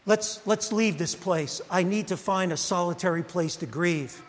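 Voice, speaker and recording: A man voicing a grieving male teacher who quietly asks to withdraw and mourn, in a sermon retelling. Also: sits high, normal speed, big-room sound, pitched below the performer's own voice, natural voice. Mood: sorrowful. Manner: quiet, sorrowful.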